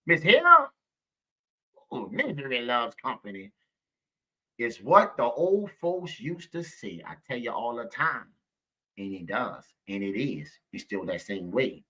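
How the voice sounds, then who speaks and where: A man's voice: medium pitch, expressive, unhurried, bright, forceful tone. Preachy man talking to his live viewers. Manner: preachy, repeats himself, calls viewers baby. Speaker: live show host.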